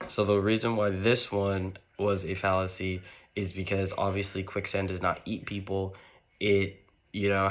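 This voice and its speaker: Young man, deep voice, casual rambling explainer, lots of "like". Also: gravelly. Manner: loose and rambling, heavy on "like" and restarts.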